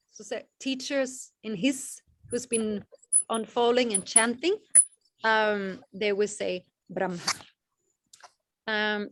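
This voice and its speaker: A woman leading an online class over a video call, talking slowly with many fillers and restarts. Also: fairly high pitch, no room sound. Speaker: class organizer. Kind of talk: casual online class talk.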